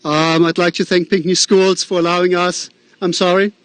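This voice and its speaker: A man with a Midwestern American accent delivers a principal's welcoming address at a graduation ceremony. His voice sits notably high, and the recording is dry and close. He talks in an earnest, encouraging way, with fillers and self-deprecating asides. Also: level tone, moderate pace, fairly bright tone, no room sound. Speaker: school principal. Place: outdoor drive-in graduation ceremony.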